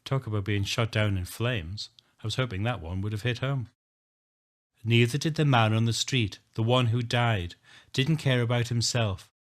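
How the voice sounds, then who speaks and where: A man's voice: mid-range voice, moderate pace. A man narrating a first-person story in an earnest, emotional way. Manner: earnest, emotional, rising to shouting. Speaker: audiobook narrator.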